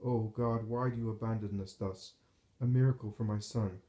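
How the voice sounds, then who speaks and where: A man's voice: lowish voice, fairly even intonation, moderate pace, mellow, natural voice. A man voicing a grieving mother who cries out in anguished lament at her dying son's cross, in a roomy, echoing recording. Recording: roomy echo.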